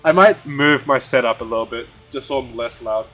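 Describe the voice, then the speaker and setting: Man, streamer, game livestream, loud, excitable, swears, medium pitch, faint background music. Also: brisk, poor audio. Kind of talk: game livestream, reading dialogue aloud.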